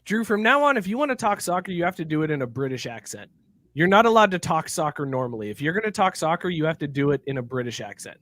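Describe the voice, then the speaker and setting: A man's voice: fairly high pitch, big pitch swings, fast talker, a bit bright, no echo. A man hosting a podcast in casual chat, teasing and bossy. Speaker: podcast host.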